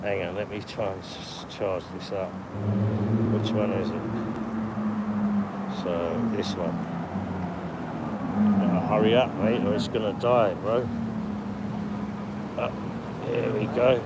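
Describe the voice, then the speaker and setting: A man's voice: on the low side, steady tone, slow pace, long pauses. A man chatting with strangers on a live stream while walking a city street. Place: city street outdoors with traffic. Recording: street noise and traffic.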